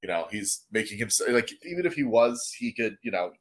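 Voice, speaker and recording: A man's voice: fairly low pitch, sing-song, a little fast. A man running a tabletop game as game master, describing scenes casually. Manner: casual, laughs often, describes actions.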